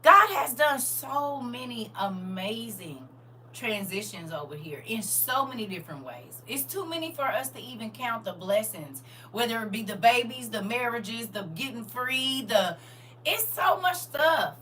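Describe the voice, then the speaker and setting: A woman hosting a casual livestream, reading viewer comments aloud in a lively, colloquial way, laughing often and speaking straight to her audience. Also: a little high, unhurried, slight background noise. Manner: colloquial, with church-style encouragement. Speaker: livestream host.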